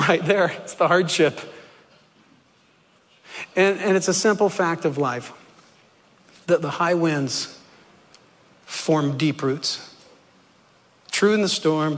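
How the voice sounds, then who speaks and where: A male pastor preaching a sermon, slow and dramatic, dropping to hushed low lines and adding jokey asides with a chuckle. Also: in a large hall. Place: church.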